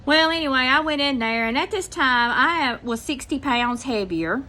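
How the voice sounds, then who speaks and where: Chatty and drawling, a Mississippi channel host, an older woman with a Southern US accent, spins a long, casual story for her viewers and acts out people's quotes. Her voice sits high and sounds animated, pushed and bright, at a moderate pace, with slight background noise.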